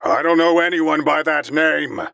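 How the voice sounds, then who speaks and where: Man playing angry defiant old man, gritted teeth, deep voice. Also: normal speed, vocal fry, a bit bright, no room sound, studio quality. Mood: defiant anger.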